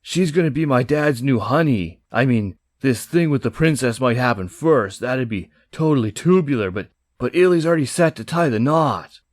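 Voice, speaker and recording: A man's voice: mid-range voice, expressive, normal speed, hardly any pauses, no echo, studio quality, lightly acted. Dopey surfer-bro teen prince with a lazy slangy drawl, voiced by a man reading aloud. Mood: laid-back. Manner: drawling slangy valley-dude talk.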